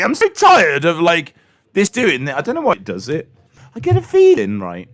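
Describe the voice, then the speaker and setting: A man hosting a live reaction stream, excitably commenting and answering chat questions, his microphone clipping when he gets loud. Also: on the high side, normal speed. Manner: excitable, hums entrance themes, answers chat. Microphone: desk microphone that clips when loud.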